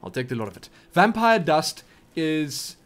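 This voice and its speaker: A man giving excitable, chatty commentary over his game, often exclaiming and joking. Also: fairly high pitch, a little slow, a little hiss or hum. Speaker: let's play gamer. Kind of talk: live gameplay commentary.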